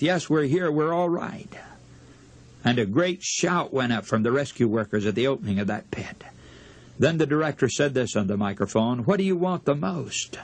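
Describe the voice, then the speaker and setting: A man preaching a radio sermon in an earnest, impassioned way, slowing down for dramatic pauses. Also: medium pitch, no room sound.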